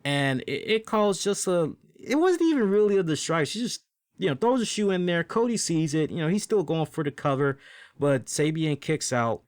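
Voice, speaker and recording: Guy reviewing wrestling on his podcast, kinda high voice, chatty and cursing. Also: normal speed, dry recording, clean studio sound. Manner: animated, profane, chatty. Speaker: podcast host.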